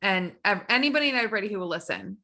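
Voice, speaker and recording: A woman's voice: mid-range voice, animated, racing, bright, forceful tone. A woman hosting a podcast interview, reacting to her guest with enthusiasm and encouragement. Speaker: podcast host. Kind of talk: casual interview chat.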